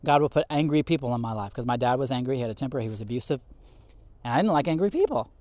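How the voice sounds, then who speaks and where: A man giving a casual podcast sermon on scripture, animated and laughing often as he acts out quotes. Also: medium pitch, very fast, no echo. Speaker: podcast Bible teacher.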